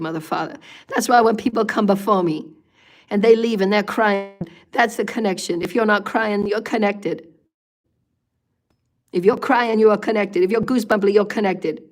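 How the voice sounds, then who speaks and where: A woman's voice: medium pitch, a little mellow. A woman hosting a live meditation and giving an intense spiritual talk. She repeats phrases in a pleading way and sometimes drops to a whisper.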